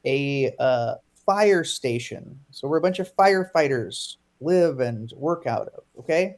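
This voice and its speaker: A man hosting a live online improv comedy show, explaining the games in a relaxed way with many fillers, over a video call. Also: medium pitch, measured pace, few pauses.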